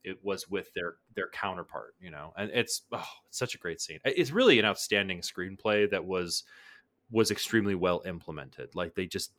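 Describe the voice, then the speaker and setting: A man co-hosting a film podcast, talking in a lively, animated way and often restarting his sentences. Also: deep voice. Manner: animated, frequent restarts and quick laughs. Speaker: podcast co-host. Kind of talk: casual film discussion.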